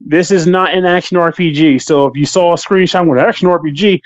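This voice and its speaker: A man's voice: on the high side, a little fast, dry recording, muffled recording. A man giving casual commentary on a video game, joking and talking straight to the viewer. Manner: jokey, talks straight to the viewer. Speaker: game reviewer.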